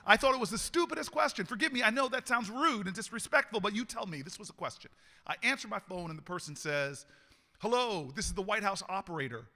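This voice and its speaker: A high-voiced man with a sharp, bright tone delivers a rousing political speech. He tells his story with frequent laughs and climbs to shouted rallying calls. His voice rings out with a long echo through a large hall. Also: expressive, quick pace. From United States. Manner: laughs often between lines. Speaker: mayor giving a political speech.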